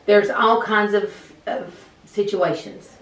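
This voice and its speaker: A woman's voice: mid-range voice, slow. A woman teacher answering interview questions in a conversational way, with frequent fillers. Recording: echoey room, mic at a distance.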